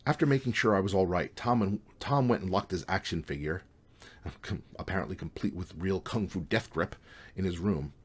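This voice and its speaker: Low husky man reading his novel. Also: brisk. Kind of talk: audiobook reading.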